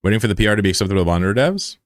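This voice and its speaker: A man hosts a live stream in casual chat, teasing viewers with crude, joking banter. His voice sits low, and the sound is close and dry with no room echo. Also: lively intonation, rapid-fire.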